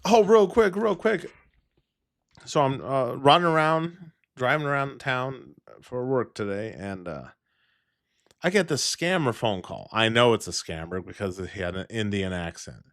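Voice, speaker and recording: A man's voice: medium pitch, expressive, unhurried, a bit bright, no echo. Profane rambling male livestreamer, dry sound. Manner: rambling, profane, laughs often. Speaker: livestream host. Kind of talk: casual livestream chat.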